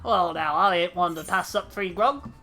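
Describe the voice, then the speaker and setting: A woman doing a gruff old pirate sailor. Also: lowish voice, moderate pace, sharp tone. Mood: hearty. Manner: rough sailor dialect, hearty.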